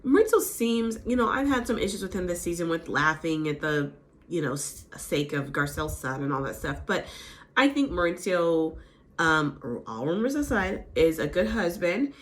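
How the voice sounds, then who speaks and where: A woman hosting a casual reality TV recap, chatty and animated, who often slips into quick impressions of the cast. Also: lowish voice. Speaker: recap host.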